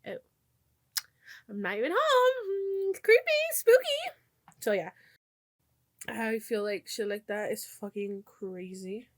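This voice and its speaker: A young woman talks loosely into the mic as a podcast host, swearing freely and dropping in Spanish phrases. Her voice sits at an ordinary middle pitch. The sound is close and completely dry, with no room around it. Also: no echo. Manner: casual, swears often, mixes in Spanish. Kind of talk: casual chat.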